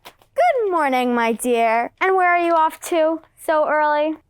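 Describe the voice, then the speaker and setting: A woman's voice: high voice, animated, a little slow, no echo. A woman playing the jealous, scheming queen of the gods in a student class play, sly and theatrical. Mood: suspicious. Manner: sly, theatrical, sugary-sweet menace.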